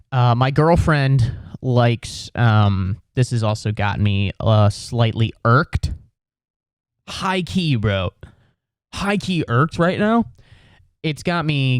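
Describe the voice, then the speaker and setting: A young man hosts a comedy podcast, ranting with exasperated sarcasm, cursing, and switching into put-on voices whenever he quotes someone. His medium-pitched voice sounds clear and resonant. The studio recording is clean, with no room sound.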